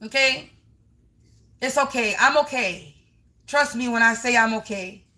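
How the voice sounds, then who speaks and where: A woman's voice: on the high side, measured pace, pushed and bright. A woman doing a casual spiritual reading on a livestream from home, emphatic and repetitive, talking straight to her viewers.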